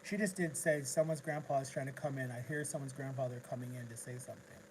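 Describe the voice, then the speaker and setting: A man's voice: mid-range voice, steady tone, fast talker, darkish tone, a little hiss or hum, poor audio. A man vlogging in a casual livestream, rambling through an emotional story with lots of restarts.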